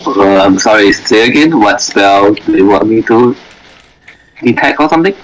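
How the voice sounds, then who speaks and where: A man's voice: lowish voice, lively intonation, moderate pace, slight background noise, low-quality recording. A man playing a tabletop game, talking casually and searching for words.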